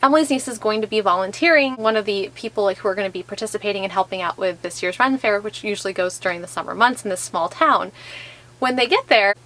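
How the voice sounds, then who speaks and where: A woman's voice: medium pitch, fairly bright tone. A woman giving a casual video book review, talking in a chatty way with lots of "like" fillers. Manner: chatty, heavy use of "like" fillers.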